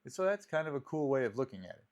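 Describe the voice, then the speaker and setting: A man's voice: medium pitch, very animated, rapid-fire, darkish tone. A man co-hosting a podcast, chatting casually with dry jokes and retelling movie scenes by acting out the characters. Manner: dry joking, storytelling that acts out characters. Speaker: podcast co-host. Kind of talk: casual chat.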